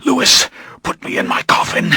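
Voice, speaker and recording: A man voicing a dying male vampire who gasps and pleads in a hoarse, strained voice, as a figure in an audiobook. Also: on the high side, steady tone, takes it slowly, fairly bright tone, no echo, studio quality, pitched above the performer's own voice, full character voice. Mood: desperate. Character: dying male vampire, proud, poisoned and desperate.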